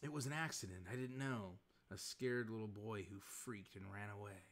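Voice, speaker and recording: Brief: earnest, defensive young mutant hero with a low voice, read by a man. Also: moderate pace, a bit bright, close to an everyday voice. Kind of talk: comic read-aloud.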